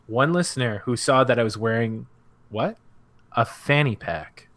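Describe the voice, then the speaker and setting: A man's voice: medium pitch, measured pace, fairly bright tone. A man co-hosting a fan podcast, telling rambling, self-mocking stories in casual chat. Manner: rambling storyteller, laughs at himself. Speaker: podcast co-host.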